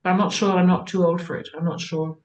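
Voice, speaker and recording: Older actress, rambling and anecdotal. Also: female voice, on the low side, flat delivery, fast talker, darkish tone, muffled recording. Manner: rambling and anecdotal, with frequent restarts. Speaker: actress being interviewed. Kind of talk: casual conversation.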